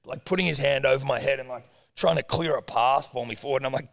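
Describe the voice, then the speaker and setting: Gravelly, laid-back guy. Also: medium pitch, fast, dry recording, clean studio sound. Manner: laid-back, swearing, animated retelling. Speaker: podcast co-host. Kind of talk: casual storytelling chat.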